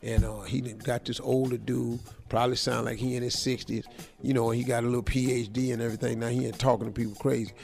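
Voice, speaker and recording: A man's voice: mid-range voice, little pitch movement, fast talker, gravelly, darkish tone, faint music behind. A man hosting a morning radio show, giving advice in a casual, slangy, joking way. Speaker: radio host.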